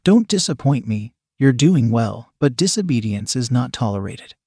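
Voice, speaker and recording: A man voicing a calm, commanding young woman who speaks in a hushed, smug, controlling way in a storybook reading. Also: mid-range voice, moderate pace, slightly rough, no room sound, studio quality.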